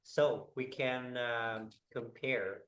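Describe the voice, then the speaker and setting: A man leads a one-on-one pronunciation lesson in a slow, unhurried way. He explains haltingly, pausing on fillers as he searches for words. His voice sits at an ordinary middle pitch. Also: steady tone, fairly bright tone, rough recording. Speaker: English teacher.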